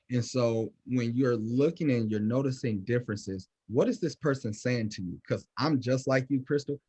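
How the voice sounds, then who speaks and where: A man working as a counselor, answering questions in casual, animated talk with lots of fillers. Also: fairly low pitch, breathy edge, lo-fi sound. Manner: animated, conversational, many fillers.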